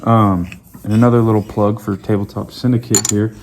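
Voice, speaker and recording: A man with a low, mellow, warm-toned voice chats casually as co-host. He adds details about the game and hesitates now and then with ums. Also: level tone, fairly quick, a little hiss or hum. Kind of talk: casual chat.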